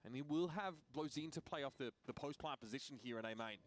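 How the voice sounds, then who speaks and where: A man calling esports play-by-play, rattling off the action with excitement. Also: mid-range voice. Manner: excited, rapid calls of the action. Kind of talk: play-by-play commentary. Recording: broadcast with very loud crowd.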